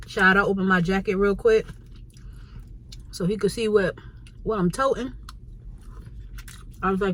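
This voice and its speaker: A woman's voice: mid-range voice, expressive, measured pace, long pauses, pushed and bright. A woman from New York with a New York accent, telling a story in a casual, slangy and blunt way for her vlog from a restaurant. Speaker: vlogger. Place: Chinese restaurant, indoors.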